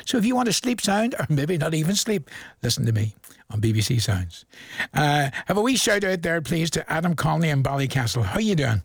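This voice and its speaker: A man with a Northern Irish accent presenting a radio request show, chatty and rambling as he reads out shout-outs and chuckles between them. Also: on the high side, sing-song, moderate pace, husky, no room sound.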